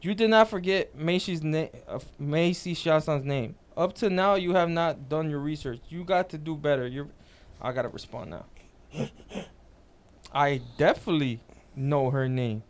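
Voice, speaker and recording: Smooth-voiced man telling a story. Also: a little high, normal speed. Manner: animated storytelling, reads out comments, laughs a lot. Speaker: podcast co-host. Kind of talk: casual podcast chat.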